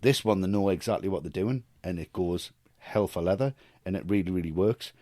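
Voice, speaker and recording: A man's voice: deep voice, a little fast, no room sound, studio quality. A man co-hosting a casual film podcast, ranting animatedly with swearing and jokes. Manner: animated, swearing, jokey rants. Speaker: podcast co-host.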